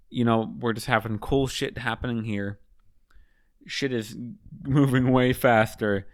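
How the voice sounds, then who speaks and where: A man with a slightly low, smooth, resonant voice rambles through offhand manga commentary, cursing freely. He sounds high and loose, drifting from one thought to the next. The sound is dry and close. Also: dry recording. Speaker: manga chapter reviewer.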